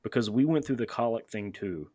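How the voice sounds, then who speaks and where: A man's voice: lowish voice, expressive, fairly quick, mellow, dry recording. A young adult man hosting a podcast, telling candid, self-deprecating stories in casual chat. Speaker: podcast host.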